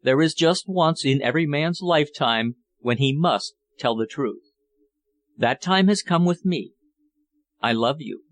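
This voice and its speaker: A man's voice: a little high, animated, measured pace. Intense foreign lover, scornful and passionate, declaiming, as a male narrator reads him in a storybook. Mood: tender. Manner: fervent, declamatory.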